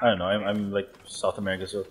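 A young man chatting casually while gaming with friends, teasing and excitable. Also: on the low side, husky. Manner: teasing, excitable, quick to shout. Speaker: gamer.

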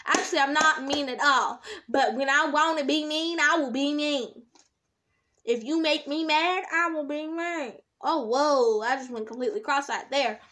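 A woman's voice: sits high, normal speed, bright, forceful tone. A young woman chatting casually to her camera in a rambling, self-talking vlog, drawing out her words. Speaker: slime vlogger. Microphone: camera set up nearby.

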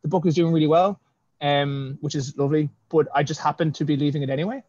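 A slightly high-voiced man talks over a video call, and the audio sounds dull and lo-fi. He is chatty and self-deprecating, laughs a lot, and often restarts his words. The sound is dry and close, with no room echo. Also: steady tone, fast talker, darkish tone. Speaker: self-published fantasy author, guest. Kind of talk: casual video-call interview.

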